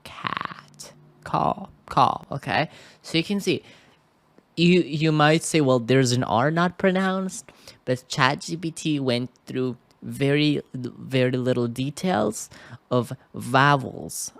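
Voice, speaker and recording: An English teacher works through a screen-recorded lesson at a slow, drawn-out pace, pausing often and asking "okay?" to check in. His ordinary mid-pitched voice is expressive, with vocal fry and a hesitant manner. Recorded indoors at a computer, the sound is dry, close, and free of echo.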